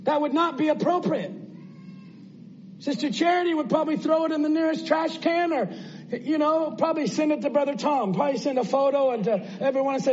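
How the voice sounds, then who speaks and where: A man's voice: very high-pitched, brisk, a little mellow, highs cut off, a little hiss or hum. A man preaching a sermon in an earnest, conversational way, asking his listeners rhetorical questions.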